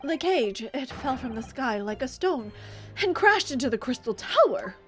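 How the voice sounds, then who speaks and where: A woman voicing a spirited, excitable young female police inspector, boastful and slangy, while reading a game aloud. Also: high voice, normal speed, soft background music. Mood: urgent.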